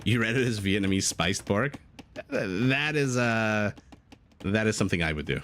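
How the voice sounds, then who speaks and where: A man's voice: lowish voice, expressive, normal speed, fairly bright tone. Chatty man casting a strategy game. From Canada. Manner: chatty, jokey, breaks off to answer chat. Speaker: game caster. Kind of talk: live esports commentary, reading chat.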